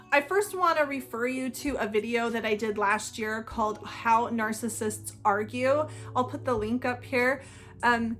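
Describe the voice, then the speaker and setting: A woman's voice: on the high side, a bit bright. A woman hosting an explanatory talk to camera, earnest and emphatic, often repeating phrases for stress. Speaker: video host.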